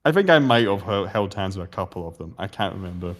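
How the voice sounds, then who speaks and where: Scottish young guy as quiz contestant, lowish voice, rambles into anecdotes. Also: lively intonation, quick pace, fairly bright tone. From Scotland. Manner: rambling storyteller, swears, hesitant answers. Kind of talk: casual podcast chat.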